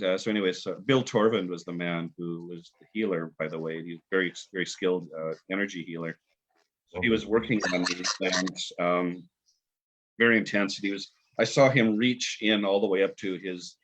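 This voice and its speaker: A poet guest telling stories in a rambling, halting way with many fillers, heard on a video call. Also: male voice, sits low, fairly bright tone. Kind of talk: casual storytelling and poetry reading. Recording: dull lo-fi video call audio.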